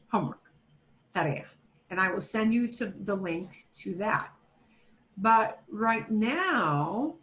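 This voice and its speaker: A woman's voice: on the high side, fairly bright tone. Chatty woman teaching a beginner Spanish class. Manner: chatty and repetitive, with fillers and self-corrections; switches between English and Spanish. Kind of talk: online class instruction.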